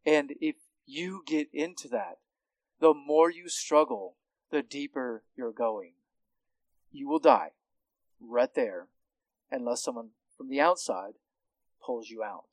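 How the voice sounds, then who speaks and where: A man's voice: mid-range voice, slow, pauses often, dry recording, low-quality recording. Impassioned preaching man, dry sound. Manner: swings from quiet to loud, impassioned when calling out. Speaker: pastor. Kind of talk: sermon.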